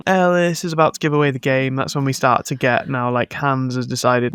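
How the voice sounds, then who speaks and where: A man hosting a casual film review podcast, sweary and animated, often laughing and acting out lines. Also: mid-range voice, normal speed, clean tone, no echo. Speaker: podcast host.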